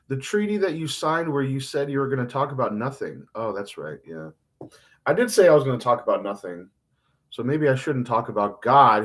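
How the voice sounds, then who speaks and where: A man streaming a rambling solo monologue, self-mocking and swinging between mumbled asides and loud outbursts. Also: mid-range voice, sing-song, moderate pace.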